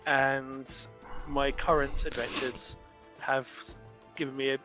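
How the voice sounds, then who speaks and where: A man's voice: medium pitch, level tone, over music, close to an everyday voice. A man voicing an ancient male warforged construct who speaks in a formal, roundabout way. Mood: courteous. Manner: formal, measured, politely roundabout.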